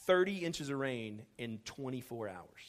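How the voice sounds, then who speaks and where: An unhurried, expressive voice of medium pitch belongs to a middle-aged male pastor from Houston, Texas. In his sermon he tells a story, dramatizing the dialogue and making self-deprecating jokes.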